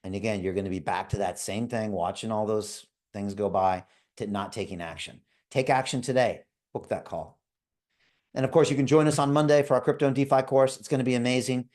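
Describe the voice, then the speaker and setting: Middle-aged guy pushing his course on a livestream, lowish voice, keeps going "right? okay?". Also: steady tone, a little fast, darkish tone. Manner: urgent, repetitive tag questions. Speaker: livestream host selling a crypto course. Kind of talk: sales pitch on a live call.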